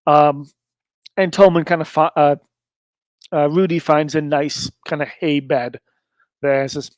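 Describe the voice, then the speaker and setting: A man narrating his own solo tabletop game, rambling along with plenty of fillers. His voice sits a little high. The recording is dry and close. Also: fairly even intonation, a little slow, pauses often, no room sound.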